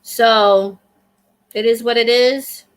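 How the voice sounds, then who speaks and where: A woman's voice: a little high, steady tone, takes it slowly, clean tone. A middle-aged woman hosting a casual live stream, chatting and thanking viewers as she reads their comments aloud. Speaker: livestream host.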